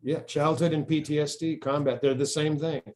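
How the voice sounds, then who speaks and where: A man's voice: on the high side, steady tone, normal speed, a little mellow. A man, an author being interviewed, talking casually and telling stories with frequent restarts and fillers. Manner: rambling storyteller, frequent restarts.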